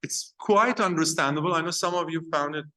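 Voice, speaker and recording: A man giving an informal university film lecture, often pausing and searching for words as he explains. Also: fairly high pitch, pushed and bright. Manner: halting, searching for words between points.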